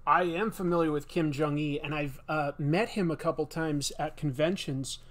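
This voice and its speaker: Relaxed, rambling man streaming while drawing. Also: fairly high pitch, moderate pace. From Massachusetts, US. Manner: relaxed and rambling, with many fillers. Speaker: livestream host and artist. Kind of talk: casual chat while drawing.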